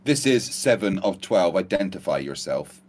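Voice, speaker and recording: A man voicing a cold, commanding Borg crew member in flat, clipped, emotionless speech. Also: sits low, normal speed, a little hiss or hum.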